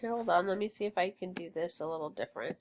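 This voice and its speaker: A woman teaching a phonics lesson, sounding out words slowly and encouraging her students. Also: fairly low pitch, a little hiss or hum. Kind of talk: slow, deliberate phonics drill.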